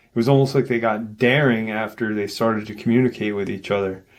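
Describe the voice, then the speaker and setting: A man hosting a paranormal channel, retelling an encounter story in an unhurried, hesitant way, full of fillers and restarts. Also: on the low side, steady tone.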